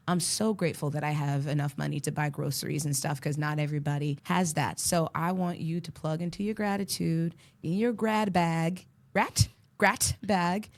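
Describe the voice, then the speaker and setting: Podcast co-host, woman, deep voice, uplifting and playful delivery. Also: steady tone, brisk, hardly any pauses, darkish tone. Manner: encouraging, preachy, playful. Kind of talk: casual podcast chat.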